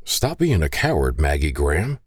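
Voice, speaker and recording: A man voicing a towering detective who speaks calmly and firmly. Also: extremely low pitch, moderate pace, husky, dry recording, studio quality, far from the mic, full character voice. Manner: calm, firm. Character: towering, steady male detective.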